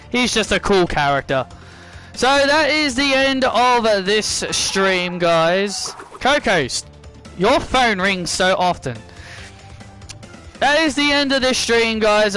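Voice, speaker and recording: A man's voice: sits high, sharp tone. A man streaming a video game, chatting casually and rambling, often repeating and correcting himself. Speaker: gaming streamer. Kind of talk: casual gameplay commentary.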